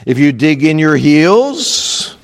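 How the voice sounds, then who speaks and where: Male pastor, fairly high voice, emphatic sermon, echoing church hall. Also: very animated, slow. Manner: earnest, emphatic preaching with asides. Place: church pulpit.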